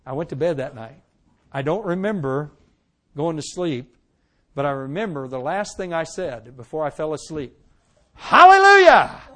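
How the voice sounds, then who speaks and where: Delivering his testimony as a sermon, this high-voiced man shifts dramatically between loud and hushed, performing the lines he quotes as he tells his story.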